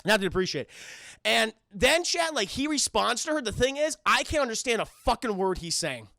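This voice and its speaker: A man's voice: extremely high pitch, big pitch swings, moderate pace, sharp tone, no echo. A man streaming a casual, profane, rambling film recap to his chat. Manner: profane, rambling, many fillers.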